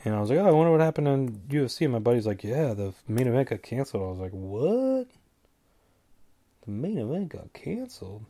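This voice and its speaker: A man's voice: mid-range voice, very fast, few pauses, dark tone. A man with a stuffy nose hosting a casual solo show, rambling through picks with jokey asides and stumbling over names. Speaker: podcast host giving fight picks.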